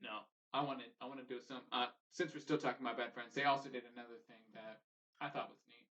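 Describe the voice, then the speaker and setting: A man's voice: mid-range voice, steady tone, fast talker, a bit bright. A young man from the US West Coast, co-hosting a podcast in casual comedic chat, laid-back and slangy. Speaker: podcast co-host. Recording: distant, dull lo-fi mic.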